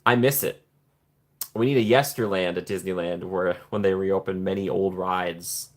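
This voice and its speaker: A man hosting a casual live stream, chatting warmly with viewers and greeting them by name from the chat. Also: low-pitched, moderate pace. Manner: playful put-on excited voices when joking. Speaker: livestream host reading chat.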